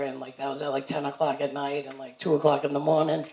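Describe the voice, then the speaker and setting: A man in his thirties giving a personal recovery testimony at a community event, halting and full of "like" and "you know". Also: medium pitch, flat delivery, vocal fry, darkish tone, echoey room, rough recording. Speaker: speaker sharing a recovery story. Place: event hall.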